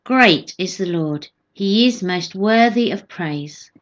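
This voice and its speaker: A woman's voice: mid-range voice, animated, takes it slowly, muffled recording. A woman co-leading midday church prayers, chatting with dry humour and reading scripture aloud.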